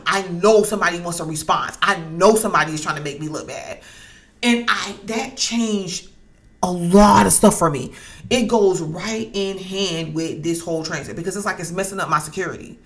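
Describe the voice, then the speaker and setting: This astrology and tarot reader has a lowish, fairly bright voice. Chatting casually, she gets heated and blunt, curses without restraint, and says things more than once for emphasis.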